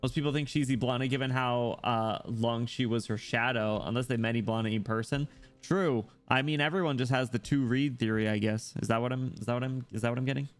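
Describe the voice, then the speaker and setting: A man's voice: mid-range voice, steady tone, brisk, faint music behind. A man streaming a game, chatting casually and jokingly while reading the story aloud. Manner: chatty and jokey, reads game text aloud.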